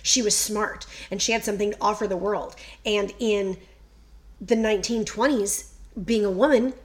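A woman hosting a casual chat, telling a story in an animated way and reading quotes aloud playfully. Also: mid-range voice, moderate pace. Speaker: podcast host.

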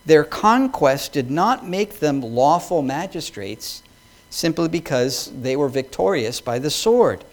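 Male pastor, sermon delivery, slightly raised pitch, emphatic and insistent. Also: sing-song, takes it slowly.

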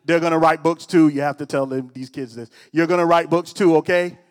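A man's voice: on the high side, steady tone, a little fast, clear, resonant tone. A middle-aged man preaching a casual sermon, telling personal stories with teasing asides to the crowd. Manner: conversational, storytelling, teasing asides. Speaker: pastor. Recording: long hall reverb.

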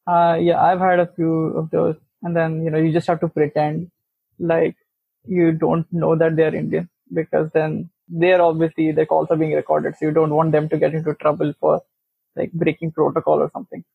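A man with a gravelly, husky voice that stays flat and somewhat high, making blunt, wry remarks. The sound is thin and phone-like, with a dry feel. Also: normal speed, no echo. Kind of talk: casual chat.

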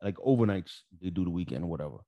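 A man's voice: sits low, racing. A man telling a work story on a podcast, swearing freely and acting out the dialogue. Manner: profane, animated, acts out dialogue. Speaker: podcast co-host. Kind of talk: casual storytelling chat.

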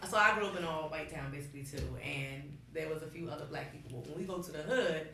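A woman's voice: deep voice, quick pace, bright, forceful tone, echoey room, distant mic, slight background noise. A woman in a casual group chat, telling a story between laughs. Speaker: podcast guest.

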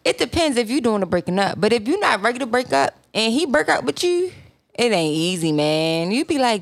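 A woman's voice: fairly high pitch, sing-song, a little fast. Playful woman podcast co-host. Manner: playful, laughs often, tells stories. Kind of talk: casual chat.

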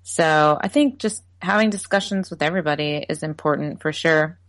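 A woman's voice: low-pitched, no echo. A woman guest in a casual podcast chat, telling stories in an upbeat way and laughing easily. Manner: upbeat, storytelling, quick to laugh.

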